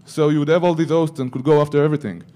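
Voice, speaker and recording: A man's voice: on the high side, fairly even intonation, racing, dark tone. A man giving a security conference talk, breaking into joking asides to the audience. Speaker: conference speaker.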